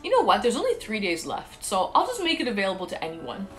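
A woman's voice: mid-range voice, wildly swooping pitch, quick pace. Chatty woman streamer, faint music behind. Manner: chatty, talks straight to viewers. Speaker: live streamer. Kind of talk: casual livestream chat.

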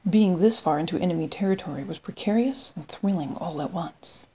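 A woman reading an audiobook in steady scripted narration. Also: on the low side, fairly quick, slightly rough. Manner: steady storytelling read.

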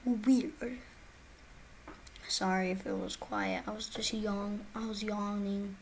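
A playful woman narrating her own gameplay, drawn-out and unhurried in her delivery. She keeps chatting to herself and slips into hushed whispers, with a faint hiss of noise behind her. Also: medium pitch, steady tone. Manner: playful, often drops to a whisper, talks to herself. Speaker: gaming video creator. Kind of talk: casual gameplay commentary.

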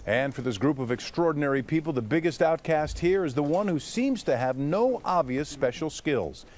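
A man reporting an entertainment news feature with an upbeat, lively delivery. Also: a little high, normal speed.

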